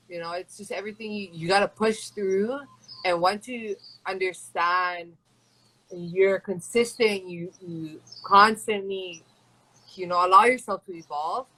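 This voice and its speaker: A woman's voice: fairly low pitch, pushed and bright, poor audio. A young woman from Hawaii, a fighter chatting in an interview with a rambling, casual flow. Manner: chatty and rambling, full of "like" and "you know". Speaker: MMA fighter and guest.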